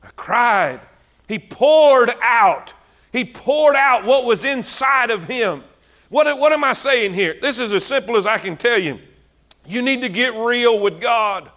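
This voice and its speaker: A male preacher delivers a fervent sermon in a very high, bright voice. He drives his points home through repetition and often rises to shouting. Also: animated, measured pace.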